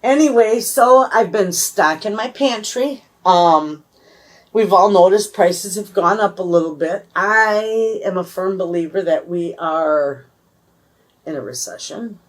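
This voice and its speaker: Her pitch sits in the middle and her pace is measured as she chats to camera. The speaker, a Michigan-accented homesteading vlogger from the USA in her fifties, rambles about her homestead in a homespun, folksy manner.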